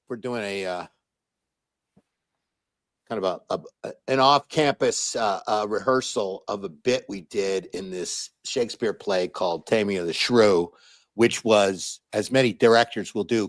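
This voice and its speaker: A man in his sixties telling stories as an interview guest, animated, with many restarts and fillers. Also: fairly low pitch, dry recording. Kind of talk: casual interview storytelling.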